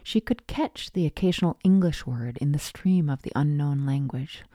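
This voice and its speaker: A woman reading a story aloud in a measured way, her phrase ends trailing off softly. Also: low-pitched, dry recording, studio quality. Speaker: narrator. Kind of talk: storybook narration.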